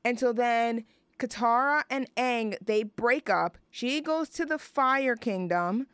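Young female radio host, smooth clear voice, dry close sound, rambling casual chatter. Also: fairly high pitch, slow, a bit bright, no room sound. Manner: rambling, chatty, many fillers and restarts. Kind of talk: casual chat between songs.

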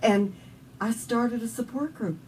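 A woman's voice: a little high, a little slow, darkish tone, far from the mic, a little hiss or hum, low-quality recording. A woman with a Southern US accent sharing an earnest, emotional personal faith testimony as an interview guest.

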